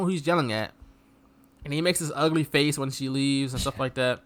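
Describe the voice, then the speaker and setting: A man co-hosting a casual movie review chat, animated and mocking as he acts out characters. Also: on the high side, a little fast. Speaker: podcast co-host.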